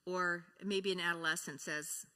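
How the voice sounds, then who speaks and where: A woman's voice: lowish voice, steady tone, normal speed, sharp tone, big-room sound. An older woman speaking at a church service, teaching in an earnest way and acting out short sample conversations. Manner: earnest, acts out sample dialogue. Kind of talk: sermon teaching.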